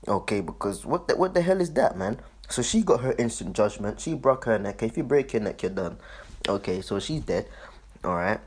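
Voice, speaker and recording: A man's voice: mid-range voice, darkish tone, husky. A man giving loose, profane commentary on a video, laughing often and repeating himself. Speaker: online commentator.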